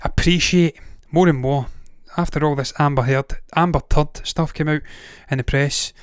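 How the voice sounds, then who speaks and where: Blunt Scottish man ranting, crisp voice. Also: a little high, steady tone, moderate pace, no echo, studio quality. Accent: Scottish, Glaswegian. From Scotland. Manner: blunt, swearing, digressive rants. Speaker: movie news host. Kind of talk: casual opinionated commentary.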